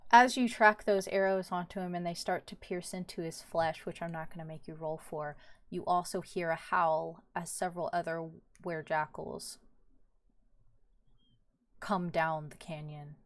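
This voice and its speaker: A woman narrating as game master of a tabletop game, describing scenes in a measured way. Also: fairly low pitch, steady tone.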